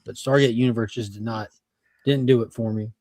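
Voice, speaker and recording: A man's voice: medium pitch, fairly even intonation, a little fast, mellow, dry recording. Chatty man recommending sci-fi shows. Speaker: podcast panelist. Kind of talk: casual chat.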